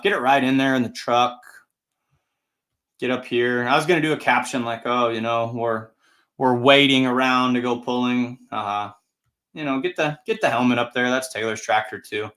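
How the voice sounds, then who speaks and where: A man's voice: mid-range voice, fairly bright tone. A man who announces tractor pulls, hosting a casual livestream and telling upbeat, rambling stories. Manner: chatty, rambling, upbeat anecdotes. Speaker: tractor pull announcer and show host.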